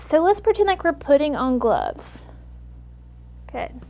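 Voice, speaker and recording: A woman's voice: high-pitched, big pitch swings, slow pace, darkish tone. A young woman acting as a student speech clinician. She explains a therapy method step by step and encourages her patient.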